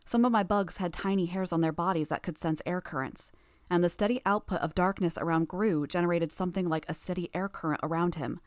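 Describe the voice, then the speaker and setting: Audiobook narrator: a woman, lowish voice, measured delivery, very dry close mic. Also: dry recording. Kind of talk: first-person audiobook narration.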